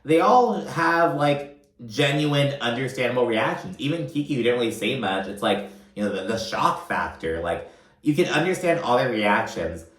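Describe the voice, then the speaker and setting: A man giving a casual, profane recap of a reality show, gossiping and acting out the cast's lines in quick voices. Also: mid-range voice, expressive. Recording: echoey room.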